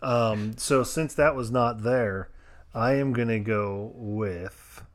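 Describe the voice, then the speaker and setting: A man's voice: mid-range voice, slow pace. A man competing in a trivia game, hesitant when answering and playful in his banter. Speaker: contestant.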